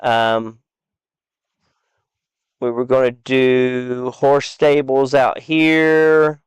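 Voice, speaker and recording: A man casually walking through a game build, rambling and halting with fillers. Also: mid-range voice, level tone, clean tone, dry recording. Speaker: game streamer.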